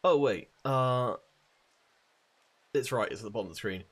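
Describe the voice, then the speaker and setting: A man's voice: mid-range voice, moderate pace, fairly bright tone, breathy edge. A man casually playing a video game, chatting and reading dialogue aloud. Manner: reads game dialogue aloud in put-on voices. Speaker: let's play host. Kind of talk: casual let's play commentary.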